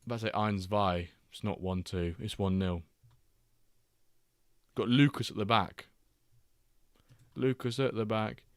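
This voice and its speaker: A man's voice: lowish voice, unhurried, long pauses, no echo, clean studio sound. A man hosting a casual football watchalong livestream, chatting loosely, reading out viewer messages and making jokey asides. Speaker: livestream host.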